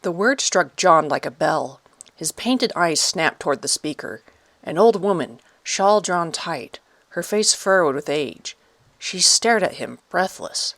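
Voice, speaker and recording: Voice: medium pitch, animated, a little slow, fairly bright tone, no echo. A narrator reading a dramatic story aloud in scripted audiobook narration on a close studio mic.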